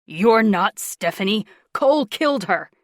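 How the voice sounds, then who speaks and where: A woman voicing a drugged, distraught young man who speaks loudly and pleads in confusion. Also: fairly low pitch, a little slow, no echo, studio quality. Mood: frantic.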